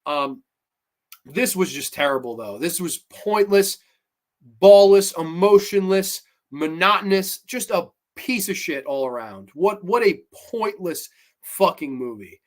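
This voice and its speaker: A man hosting a horror movie review show, ranting in a blunt, profane and exasperated way, with sudden loud bursts of disbelief. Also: high voice, expressive, measured pace. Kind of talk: casual solo review rant.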